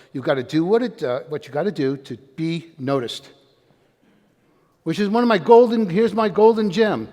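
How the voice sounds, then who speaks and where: This older man, a motivational speaker with a fairly high voice, is energetic and lively, peppering the audience with questions and calling on them to take part. His voice rings out with a long hall reverb, like in a large space.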